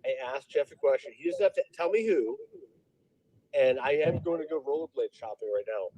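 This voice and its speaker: A man's voice: medium pitch, a little fast, slight background noise, poor audio. A man who is a guest on a live stream, chatting casually in a rambling way. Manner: rambling, lively delivery.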